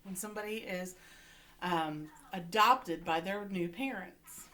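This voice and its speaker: A woman's voice: fairly low pitch, measured pace, sharp tone. A woman teacher giving a phonics lesson to young children from home, encouraging and often checking in with "right?".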